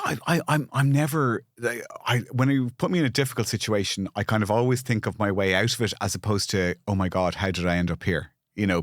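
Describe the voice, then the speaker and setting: A man's voice: fairly low pitch, no echo, studio quality. A man in his forties with an Irish accent, speaking candidly as a podcast guest, often restarting and repeating words as he finds his thoughts. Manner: halting restarts, repeats words, grows emotional. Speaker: guest, architect and TV presenter. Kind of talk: candid conversational interview.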